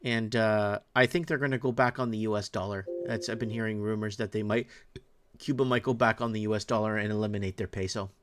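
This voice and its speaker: A man's voice: fairly low pitch, steady tone, fast. A man in an easygoing casual chat, calling his friend dude and man.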